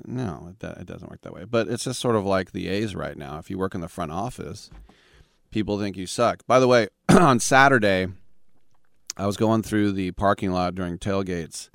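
A man's voice: low-pitched, creaky, dry recording, clean studio sound. A man in his fifties from the Bay Area, hosting a sports talk radio show in a wry, rambling monologue with sarcastic asides. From San Francisco Bay Area.

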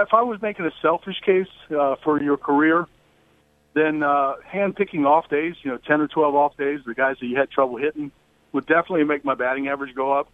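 A middle-aged man talking as a guest on a radio show over the phone, relaxed, with many fillers and restarts. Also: a little high, no room sound. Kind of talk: phone interview. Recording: tinny phone line.

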